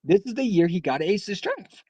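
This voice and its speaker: A man's voice: sits high, big pitch swings, brisk, dark tone, slightly rough, dry recording, muffled recording. A man calling in to a sports talk show, talking casually in a rambling, heated way with many restarts. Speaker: caller. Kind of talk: casual sports call-in chat.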